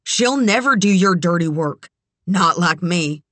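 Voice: medium pitch, expressive, unhurried, bright, forceful tone, no room sound. A reader voicing a wounded woman fighting to protect a child in an audiobook thriller, her voice pleading and tearful. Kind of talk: audiobook character voice.

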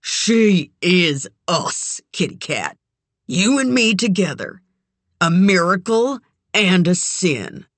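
A reader voicing a possessive, volatile man in an audiobook thriller, speaking slowly and low with sudden shouts. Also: big pitch swings, dry recording, exaggerated voice. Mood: obsessive. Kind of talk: audiobook character voice.

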